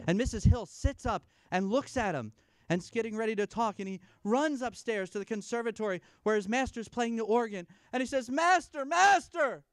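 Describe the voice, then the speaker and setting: A man telling corny jokes and a long shaggy-dog story at a church family night, playful and self-deprecating, pausing for laughs. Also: high-pitched, smooth, dry recording, studio quality. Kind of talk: stand-up style corny jokes. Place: church fellowship event, live.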